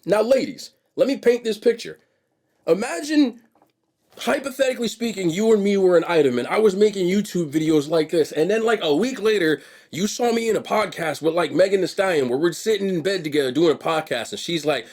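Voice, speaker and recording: A young man, a vlogger, giving animated casual commentary straight to his viewers with a husky voice. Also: sits high, a little fast. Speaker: mukbang vlogger.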